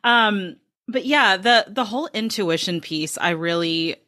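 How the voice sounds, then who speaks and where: A woman's voice: medium pitch, expressive, a little slow, bright, forceful tone, dry recording, studio quality. A woman who is a nurse, hosting an interview and talking reflectively with many "um"s and "you know"s. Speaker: nurse, podcast host. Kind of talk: casual interview chat.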